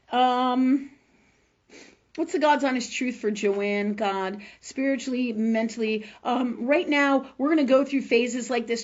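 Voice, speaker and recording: A woman's voice: mid-range voice, lo-fi sound. A woman hosting a live spiritual talk forum, chatting casually with viewers in a blunt, rambling way, swearing freely and often asking "right?". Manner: rambling, with many fillers and tag questions.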